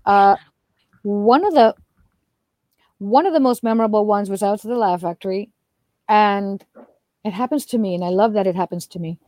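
A woman comedian telling stories as a guest in an animated, chatty way, laughing as she talks. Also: medium pitch, moderate pace, long pauses, no echo. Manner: expressive, chatty, laughs while talking. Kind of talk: animated storytelling.

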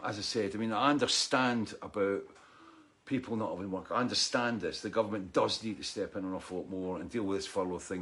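A man hosting a casual livestream chat, rambling and swearing, with many "you know"s. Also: fairly low pitch. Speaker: show host.

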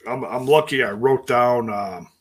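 A man chatting casually through a wrestling show recap, rambling, restarting sentences and putting on higher voices for quotes. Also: measured pace, a little hiss or hum. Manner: rambling and self-interrupting, acts out quotes in a higher voice.

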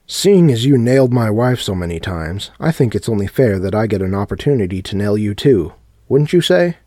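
A gleeful, sadistic ringmaster villain, pitched well above the man's own low voice and pushed out loud and brash, as a male narrator puts him on. He mocks his victims with a hyper-enthusiastic announcer's flourish, and the recording is dry and close. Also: very animated, moderate pace, dry recording. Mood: mocking.

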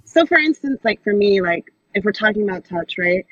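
A woman's voice: medium pitch, animated, a little fast, highs cut off, crowd noise. A woman as a guest on a podcast, chatting casually and rambling with many likes and you knows. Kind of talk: casual chat.

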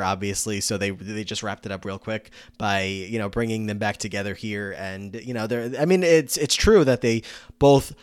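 A man's voice: fairly low pitch, smooth, no room sound. A man co-hosting a podcast, musing about a show in casual talk, winding through his thoughts with restarts. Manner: rambling, many fillers and restarts. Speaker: podcast co-host. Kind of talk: casual analytical chat.

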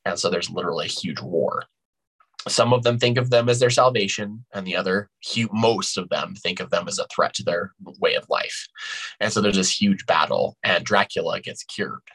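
Husky, bright-voiced man, hesitant chat. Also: moderate pace, low-quality recording. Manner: hesitant, many fillers and restarts, voice jumps high when quoting himself. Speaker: podcast guest, actor. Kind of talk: casual podcast chat.

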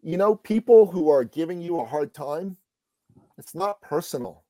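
A middle-aged man, a business coach, telling a motivational story in a lively conversational way. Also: a little high, normal speed, no echo.

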